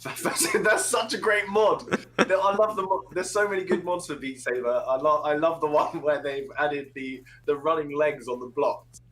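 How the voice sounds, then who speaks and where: A man in his thirties, a guest on a casual podcast, relaxed and quick to laugh. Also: on the high side, rough recording. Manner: laid-back, laughs easily. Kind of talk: casual chat.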